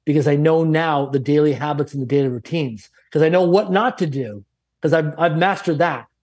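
A man's voice: on the high side, fairly quick, darkish tone. A middle-aged man from Canada, a guest on an interview show, telling his life story in an emphatic, repetitive, self-assured way. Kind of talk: motivational storytelling.

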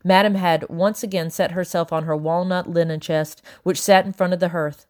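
A woman reading a first-person audiobook in a steady, measured voice. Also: on the low side. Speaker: audiobook narrator.

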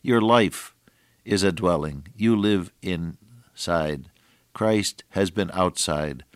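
An older man preaching a sermon, moving between hushed storytelling and raised, emphatic exhortation with slow, deliberate phrasing. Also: deep voice, no echo, clean studio sound.

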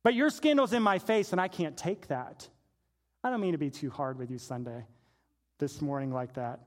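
A man preaching a sermon as a pastor, telling a story and swinging from hushed, low passages to shouted praise. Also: normal speed.

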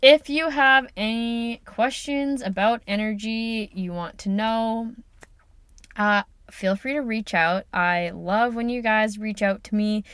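A woman's voice: a little high, slow, fairly bright tone, clear, resonant tone, no room sound. A woman hosting her own podcast, talking in a chatty, upbeat way with plenty of "like" and "um". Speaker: podcast host and coach. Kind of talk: casual solo podcast talk.

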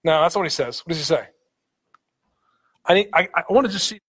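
A man's voice: fairly high pitch, animated, a little fast, fairly bright tone, breathy edge. A man preaching a sermon, earnest, often repeating words and rising in emphasis on key points. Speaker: pastor.

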